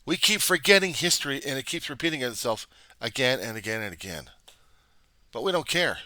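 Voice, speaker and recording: Argumentative man, low and bright-toned, very animated, for a political commentary vlog. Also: fairly quick, dry recording. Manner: argumentative, rhetorical questions, acts out both sides. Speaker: vlogger.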